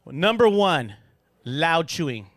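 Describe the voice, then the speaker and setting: A man hosting a casual podcast chat in a studio, animated and joking, laughing often. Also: on the high side, slow, no echo. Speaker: podcast host.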